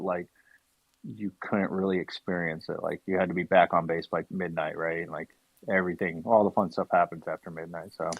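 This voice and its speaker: A man hosting a live audio chat, telling stories in a relaxed, slangy way over muffled lo-fi audio. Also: low-pitched, no room sound. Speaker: Spaces host. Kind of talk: casual chat.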